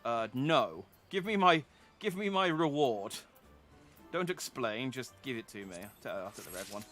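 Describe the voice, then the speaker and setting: A man's voice: mid-range voice, animated, normal speed, a bit bright, soft background music. A man streaming as a VTuber, chatting casually through a game and often correcting himself mid-sentence. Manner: rambling, self-correcting, chatty. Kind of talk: casual gameplay commentary.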